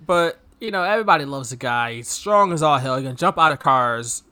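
A man's voice: on the high side, bright, forceful tone. A man co-hosting a podcast, riffing sarcastically on a movie and laughing often. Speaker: podcast co-host. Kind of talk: casual movie review chat.

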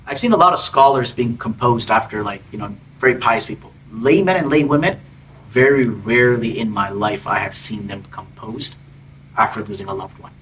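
A man giving a sermon through personal stories, conversational and dropping often to soft, hushed tones. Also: lowish voice, normal speed, distant mic, a little hiss or hum, rough recording. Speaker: preacher. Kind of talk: storytelling sermon.

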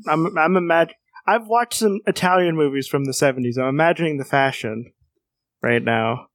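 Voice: medium pitch, moderate pace, no room sound. Joking co-host with a dry sound. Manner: joking, hesitant, asks questions. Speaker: podcast co-host. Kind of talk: casual chat.

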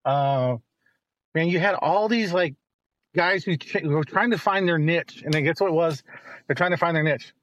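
A middle-aged man, the host's father, telling long rambling stories in casual chat and turning animated when he quotes others. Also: on the high side, moderate pace, dry recording, rough recording.

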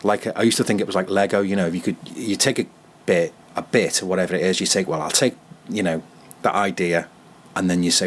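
A man's voice: low voice, steady tone, brisk, a little hiss or hum. A man who is a comedian, speaking as a podcast guest in a loose, rambling way that corrects itself as he goes. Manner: rambling, explanatory, self-correcting. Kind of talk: casual podcast interview.

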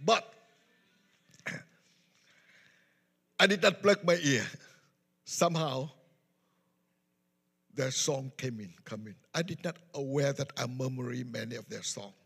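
A man preaches his personal testimony in simple, non-native English. His voice is husky and gravelly, and it is on the higher side. A long echo from the hall hangs behind his words. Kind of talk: sermon testimony storytelling.

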